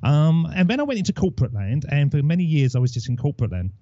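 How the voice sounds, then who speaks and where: A man in his forties talks through his story in loose, rambling fashion. His voice is warm and mellow. The recording is dull and lo-fi, with no room sound. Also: fairly high pitch, big pitch swings, quick pace, dry recording. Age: 40s. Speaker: podcaster, guest. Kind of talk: casual interview chat.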